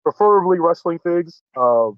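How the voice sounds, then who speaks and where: A man chatting as a podcast guest, relaxed and talkative. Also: a little high, normal speed, no room sound. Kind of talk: casual chat. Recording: dull, lo-fi sound.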